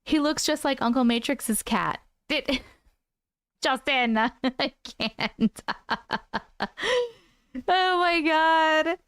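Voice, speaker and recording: A woman's voice: high-pitched, very slow, long pauses, fairly bright tone, no echo, clean studio sound. A woman in her thirties hosting a casual live stream, chatting with viewers and laughing often.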